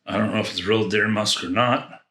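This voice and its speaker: In a spacious room with noticeable echo, he reviews fragrances unboxing-style, his lowish, bright and forceful voice moving slightly quickly with fairly even intonation. His talk wanders loosely as he thinks out loud and keeps starting sentences over.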